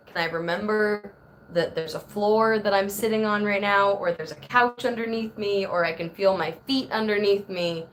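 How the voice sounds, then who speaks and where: A woman's voice: medium pitch, fairly bright tone. A woman in her thirties chatting casually on a phone live stream, rambling and reading viewer comments aloud. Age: 30s. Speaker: livestream host.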